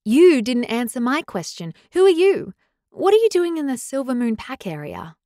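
A woman playing an excitable clumsy young she-wolf. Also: fairly high pitch, no room sound, studio quality, natural voice. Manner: rapid, excitable, apologetic. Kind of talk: audiobook character voice.

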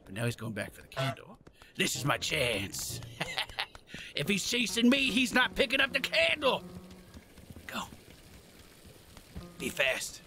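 A man giving excitable let's play commentary, laughing, swearing and talking to the game characters as he plays. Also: high voice, measured pace, pauses often, noisy background. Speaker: gaming channel host.

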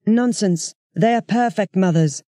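A reader voicing a soft-voiced ancient rat-like alien ruler who speaks slowly and coldly in a storybook audiobook. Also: mid-range voice, no echo, studio quality, pitched above the performer's own voice, lightly acted. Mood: coldly calm. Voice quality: soft, cottony voice. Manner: slow, measured, menacing.

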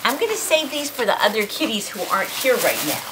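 A woman's voice: fairly high pitch, sing-song, fast, very noisy. A woman in a casual home video, cooing to her pets in sing-song baby talk at home. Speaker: pet owner.

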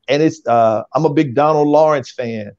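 A man talking casually as a guest on a talk show, using his natural, relaxed speaking voice and laughing easily. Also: on the high side, moderate pace, no echo, lo-fi sound. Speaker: radio program director, guest.

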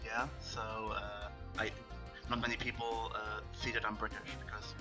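A man's voice: on the low side, flat delivery, moderate pace, over music. A man joking with friends during a speedrun, stammering and hesitant, mocking himself. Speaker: speedrun co-commentator. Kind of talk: casual banter.

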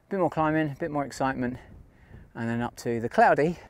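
A man's voice: medium pitch, fast talker, dry recording. Chatty man vlogging on a mountain trail. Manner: chatty, thinking aloud, self-mocking. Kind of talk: casual walking vlog.

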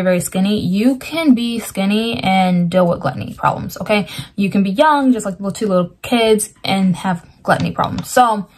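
Woman vlogger, mid-pitch, rambly dream story, earnest, lots of fillers. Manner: earnest, interprets with scripture. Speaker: Christian dream sharer. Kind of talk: casual dream retelling.

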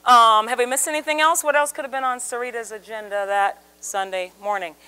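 Woman speaker, high pitch, bright tense tone, animated storyteller, live seminar. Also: fairly quick, clean tone. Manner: animated storyteller, acts out quoted voices. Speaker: communication speaker. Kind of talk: live seminar talk with audience participation. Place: seminar room with live audience.

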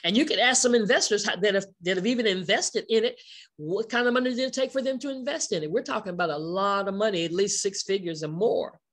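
A woman presenting her company in a sales pitch, speaking emphatically, asking many rhetorical questions and repeating key words for stress. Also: quick pace.

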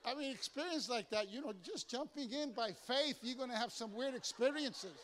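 An older man preaching a sermon as pastor, telling lively stories and acting out the voices of the people in them. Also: very high-pitched, moderate pace, a little hiss or hum. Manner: storytelling, animated, acts out voices in anecdotes. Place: church sanctuary.

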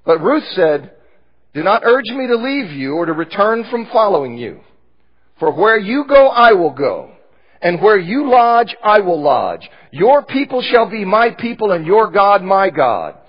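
A man's voice: high-pitched, slightly rough, dull audio. A man preaching a sermon with passion, voicing imagined objections and quoting scripture aloud.

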